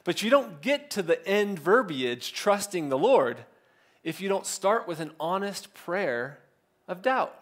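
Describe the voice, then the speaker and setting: A man's voice: sits high, very animated, measured pace. A male pastor, giving a casual, conversational sermon and briefly acting out quotes. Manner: conversational, self-correcting, acts out biblical quotes.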